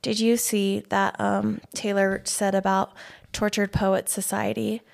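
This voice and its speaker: A woman's voice: mid-range voice, flat delivery, a little slow, vocal fry. A young woman in her twenties co-hosting a podcast, chatting casually about celebrity news with lots of fillers. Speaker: podcast co-host. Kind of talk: casual chat.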